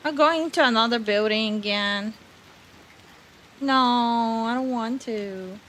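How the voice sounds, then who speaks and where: Jumpy woman streamer, bright voice. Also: on the high side, slow, slight background noise. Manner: nervous, jumpy reactions. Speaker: gaming streamer. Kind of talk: casual let's-play commentary. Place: home streaming setup.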